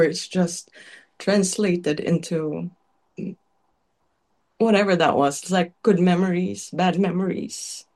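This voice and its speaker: A woman's voice: fairly low pitch, a little mellow. A woman chef being interviewed, telling her story candidly and emotionally with many casual fillers. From Filipino heritage. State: tearful at times.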